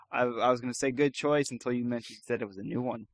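A man chatting from home as a podcast co-host, laid-back and quick to laugh. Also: mid-range voice, steady tone, dry recording. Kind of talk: casual chat.

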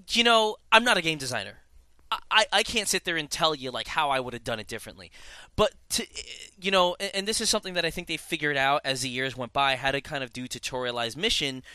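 A man's voice: fairly high pitch, sharp tone, clean tone, dry recording. A young man chatting casually about a game as a podcast host, rambling with many restarts. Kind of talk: casual chat.

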